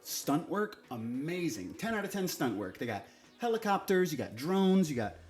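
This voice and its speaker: A man's voice: fairly high pitch, very animated, normal speed, darkish tone, soft background music. A man giving a casual, sarcastic and exasperated TV review, swearing now and then.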